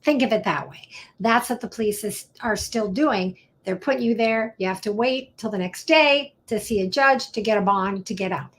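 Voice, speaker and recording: A middle-aged woman, a defense attorney, explaining the law in a chatty, animated way and acting out quoted exchanges. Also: mid-range voice, normal speed. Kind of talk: casual explainer talk.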